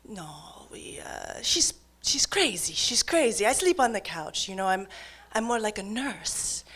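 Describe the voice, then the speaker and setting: A woman's voice: mid-range voice, very animated, a little slow, a bit bright. Woman playing a flustered guy, stammers and hesitates. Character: flustered man, a smooth-talking older lover.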